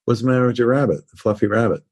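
A laid-back man on a casual podcast who jokes with crude, profane banter. His voice has a husky, slightly rough edge at a mid pitch. He sounds loose and teasing. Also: racing, a little mellow. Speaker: podcast co-host.

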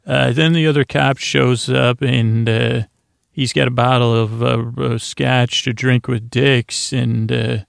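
A man's voice: mid-range voice, fairly even intonation, creaky, smooth, no room sound, studio quality. A male podcast host giving a meandering episode recap for a sleep show, full of "uh" fillers and restarts. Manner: meandering, halting, full of "uh" fillers and self-corrections.

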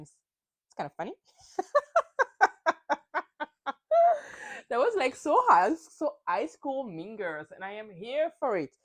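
Animated woman recapping reality TV. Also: medium pitch, no echo. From France. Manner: opinionated and animated, acts out quotes. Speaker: podcast host. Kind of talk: solo recap chat.

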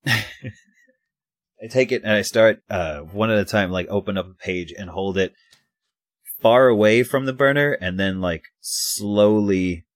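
A man's voice: on the low side, unhurried, long pauses, no echo, clean studio sound. A man playing a tabletop game in a rambling, stammering way with some swearing. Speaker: player. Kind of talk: tabletop role-play.

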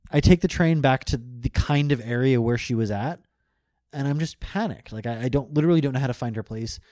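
Guest, male, mid-pitched, loose rambling anecdote with frequent laughs. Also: darkish tone, no echo, studio quality. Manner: rambling, self-correcting, laughs often. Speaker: guest telling a story. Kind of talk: casual storytelling.

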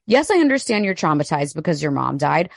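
A young adult woman co-hosts a casual podcast chat, blunt and openly indignant, with curses scattered through her talk. Her voice sits on the low side for a woman. The recording is close and dry. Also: very animated, brisk, creaky, dry recording. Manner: blunt, indignant, swears freely. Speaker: podcast co-host.

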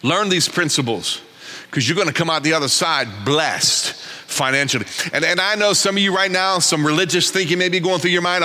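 A man preaching a sermon in a church, animated and folksy, joking about himself. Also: on the high side, normal speed, big-room sound. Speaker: pastor.

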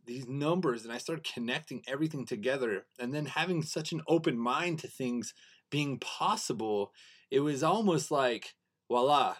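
A young man hosting his own podcast, talking in an earnest, excitable monologue that rambles and restarts. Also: medium pitch. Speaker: podcast host.

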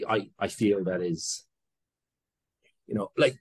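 A man's voice: low voice, takes it slowly, breathy edge, no echo. A man with an Irish accent, talking candidly as a guest in an interview, rambling and interrupting himself as he goes. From Ireland. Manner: rambling, self-interrupting, candid with casual swearing. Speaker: guest entrepreneur. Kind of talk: conversational interview.

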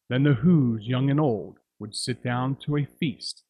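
Man, host, storybook reader, husky voice, slow and dramatic. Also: medium pitch, dark tone, no echo, poor audio. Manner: dramatic, drawing out repeated words. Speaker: narrator and show host. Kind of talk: storybook reading of rhyming verse.

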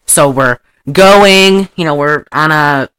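A woman hosts a podcast, rambling casually through a film recap with animated energy, bursting into loud laughter and mock accents. Her low voice is slow, clear, and resonant, recorded dry.

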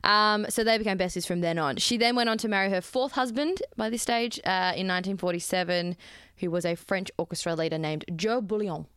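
A woman's voice: medium pitch, fairly quick, hardly any pauses, a bit bright, clear, resonant tone, dry recording, clean studio sound. A young woman chatting as a podcast co-host, telling a history story with playful asides. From Australia. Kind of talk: casual chat.

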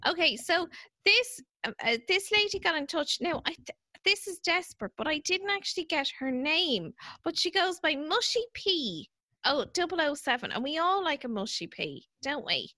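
An Irish woman hosting a podcast, chatting casually and telling stories with an animated, giggly manner. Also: high voice, normal speed, dry recording. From Ireland. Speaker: podcast host.

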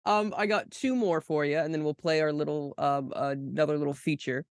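A man's voice: on the high side, steady tone, normal speed, no echo, studio quality. A young man hosting a podcast, asking questions in a playful, chatty way and giggling often. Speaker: podcast host. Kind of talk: casual chat.

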